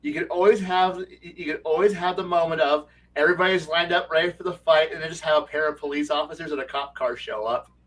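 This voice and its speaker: A man with a somewhat high voice tells a rambling story in casual chat, acting out the quotes and laughing as he goes. He swears freely, and he sits a little back from the microphone. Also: fairly even intonation, quick pace, hardly any pauses, a bit bright, distant mic. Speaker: game master.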